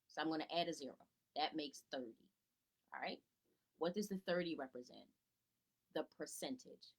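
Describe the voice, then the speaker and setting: Woman educator, lively swooping pitch, bright tone, chatty, rhetorical questions, at home. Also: rough recording. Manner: animated, asks rhetorical questions and answers them; casual, chatty, greets viewers by name. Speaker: tutor and educator. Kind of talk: informal live teaching talk to parents.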